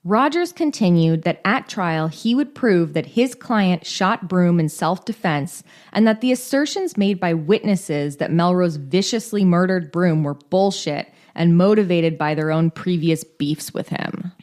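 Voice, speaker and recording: Her voice sits on the low side and has a darkish tone, animated but measured, with few pauses. Co-hosting a true-crime podcast, this woman reads the case details casually and peppers them with cheeky, profane asides.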